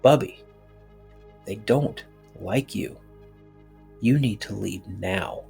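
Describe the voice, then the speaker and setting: A man voicing his young brother as a boy who gives an eerie, dead-serious warning in a hushed, slow voice. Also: lowish voice, faint music behind. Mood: ominous.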